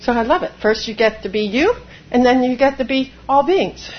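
A woman Zen priest giving a dharma talk, animated, laughing often and acting out inner voices. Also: high-pitched, moderate pace, highs cut off.

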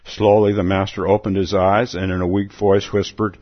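A man giving a relaxed dharma talk as a Zen teacher, chuckling often and repeating words as he goes. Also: low voice, moderate pace. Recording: dull lo-fi dry recording.

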